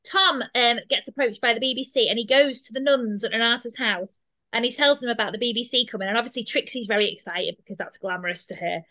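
A British woman with a very high voice tells scenes from a show in an animated, gossipy way. She slips into quick character voices whenever she quotes someone. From Britain. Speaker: podcast co-host. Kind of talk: casual chat.

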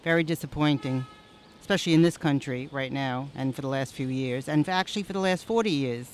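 A woman's voice: a bass voice, a little fast, darkish tone, a little hiss or hum. A woman interviewed on a city street while out for a walk, speaking earnestly and bluntly. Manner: earnest, outspoken, opinionated.

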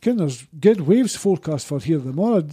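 Scottish male podcast guest, husky and mellow, an excitable storyteller. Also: fairly high pitch, normal speed. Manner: rambling, excited anecdote teller. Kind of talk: casual storytelling chat.

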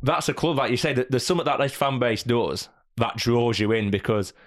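A man's voice: mid-range voice, fairly even intonation, a little fast. A man co-hosting a football podcast, rambling in casual chat with lots of restarts. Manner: rambling, many restarts and "you know". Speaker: podcast co-host.

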